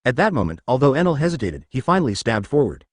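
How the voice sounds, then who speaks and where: Brief: male storyteller, animated pitch, a very dry recording. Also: fast talker, husky, no echo. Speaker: narrator. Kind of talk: scripted story narration.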